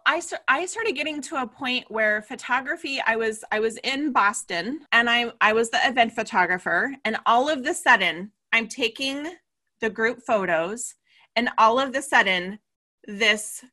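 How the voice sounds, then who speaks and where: A woman guest in an interview, a business mentor telling her story in a lively way and acting out the voices she quotes. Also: fairly high pitch, a little slow. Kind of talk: casual interview chat.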